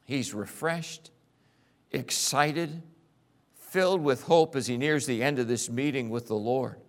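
A man preaching a sermon, telling a story dramatically and swinging between loud bursts and hushed passages. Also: mid-range voice, measured pace. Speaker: pastor.

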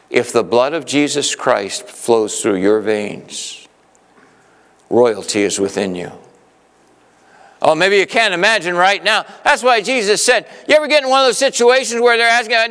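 A man preaching a sermon emphatically, swinging from urgent exhortation to gentle reassurance. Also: on the high side, expressive, moderate pace, smooth, long reverb tail. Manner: emphatic, shifting between urgent and soothing. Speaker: pastor.

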